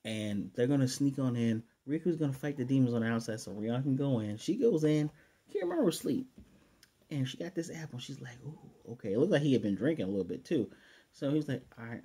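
Casual male reviewer, dark husky voice, rambling recap with chatty asides. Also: mid-range voice. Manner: rambling, chatty, with frequent restarts and quoted asides. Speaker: anime reviewer.

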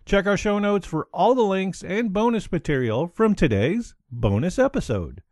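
A man's voice: sits high, big pitch swings, normal speed, a little mellow, dry recording, clean studio sound. A man hosting a solo podcast, upbeat and chuckling between points. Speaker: podcast host.

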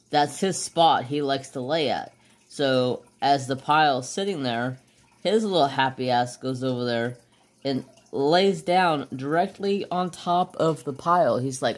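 A man's voice: medium pitch, measured pace. A man hosting a crafting channel, chatting casually while he works and often losing his train of thought.

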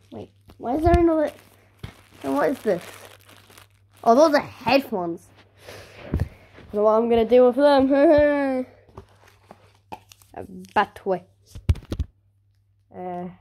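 A woman's voice: fairly high pitch, slight background noise. A woman unboxing a new phone for her vlog, talking casually with sarcastic, grumbling asides. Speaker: vlogger.

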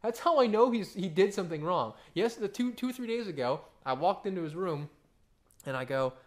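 A man's voice: sits high, lively intonation, fairly quick, a little mellow. A man in his thirties preaching a conversational sermon, telling stories and often checking in with "right?". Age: 30s. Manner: conversational, story-driven preaching with frequent "right?" asides. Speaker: pastor.

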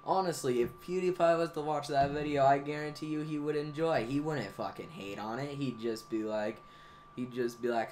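A teenage boy talking through his channel's history in a rambling, profane, excitable way, as a gaming YouTuber looking back. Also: medium pitch, normal speed, a little hiss or hum. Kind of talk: casual anniversary vlog monologue.

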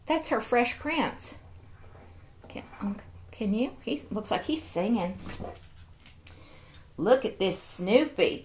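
A woman's voice: fairly high pitch, a little hiss or hum. A woman, chatting casually while unboxing toys and cooing over each one. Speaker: toy collector vlogger.

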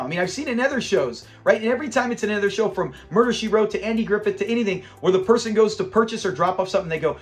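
A man's voice: high-pitched, expressive, racing, hardly any pauses, faint music behind. A man hosting a casual episode review, animatedly retelling scenes, acting out quotes and laughing often. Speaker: show review channel host.

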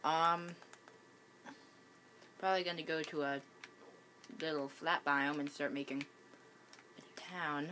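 A woman's voice: low voice, fairly even intonation, slow, long pauses, pushed and bright, slight background noise. A woman with the hiccups giving casual gameplay commentary at home, hesitant, with many ums and restarts. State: has the hiccups. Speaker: gaming channel host.

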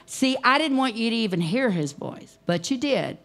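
A woman voicing God as a patient father who questions gently and calmly. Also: fairly high pitch, normal speed. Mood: gentle.

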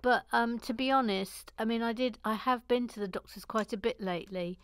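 A woman's voice: on the high side, brisk, a bit bright, clean tone, no echo. A woman hosting a casual Lego-building livestream, rambling playfully and breaking into silly sung jingles. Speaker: host.

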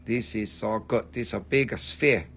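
A man's voice: on the low side, steady tone, a little slow, noisy background. A man hosting a casual live stream where he sells rocks and crystals, joking, rambling, and swearing freely. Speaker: crystal shop host.

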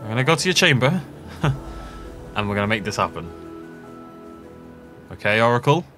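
A man's voice: on the low side, big pitch swings, moderate pace. A man giving casual, jokey let's play commentary, rambling through asides and laughing often. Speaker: gaming channel host. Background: game music.

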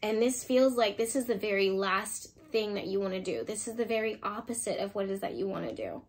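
A woman giving an intuitive pick-a-card tarot reading, speaking emotionally and thinking aloud as she turns cards, with sudden bursts of excitement. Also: mid-range voice, fairly quick.

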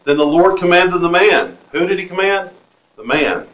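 A man's voice: high-pitched, expressive, normal speed, fairly bright tone. Southern man preaching in an echoey church. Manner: asks the room questions and reads scripture aloud. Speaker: pastor. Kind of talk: interactive sermon. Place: church sanctuary.

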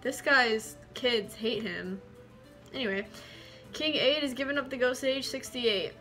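A woman's voice: a little high, a little slow, pushed and bright, soft background music. A woman giving casual gameplay commentary, chatty, swearing freely and reading game text aloud. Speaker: gaming video creator.

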